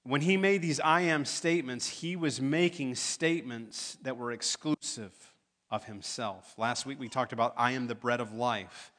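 A man's voice: medium pitch, moderate pace, fairly bright tone. A man preaching a sermon as pastor, emphatic, building to urgent pleas.

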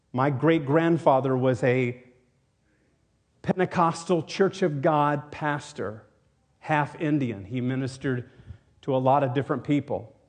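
Guy pastor giving a sermon, slightly high voice, earnest and rambly, keeps restarting. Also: darkish tone. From Tennessee, US. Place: church.

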